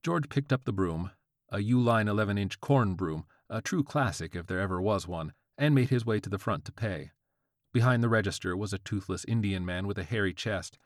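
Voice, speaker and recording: Deep-voiced man narrating a story wryly. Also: normal speed, no echo, studio quality. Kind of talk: scripted audiobook narration.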